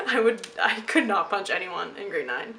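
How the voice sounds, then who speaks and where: Bright, chatty young woman. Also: medium pitch, animated, measured pace, creaky, slight background noise, poor audio. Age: young adult. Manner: chatty and self-mocking, laughing at herself. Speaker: vlogger. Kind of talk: casual chat to camera.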